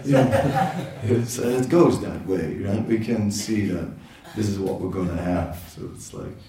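A man giving an informal spiritual lecture, talking in a conversational, halting way with many fillers and laughing asides. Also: deep voice, dark tone, recorded from a distance. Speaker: spiritual teacher. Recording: echoey room, voice from off-mic.

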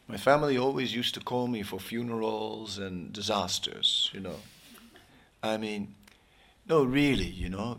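A man giving an informal, rambling sermon, joking often and pausing with many fillers and restarts. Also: fairly low pitch, vocal fry, bright, forceful tone, husky. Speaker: spiritual teacher.

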